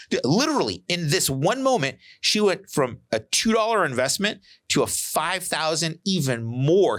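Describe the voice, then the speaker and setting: A middle-aged man hosting a podcast, telling a story in a casual, animated way and acting out the people he quotes. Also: lowish voice. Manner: animated, retells scenes with quoted voices and sound words. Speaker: podcast host.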